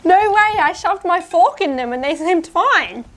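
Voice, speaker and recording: A woman's voice: extremely high pitch, lively intonation, a little slow, a bit bright. A woman vlogging outdoors over dinner, chatty and laughing easily in casual conversation. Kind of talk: casual chat while eating.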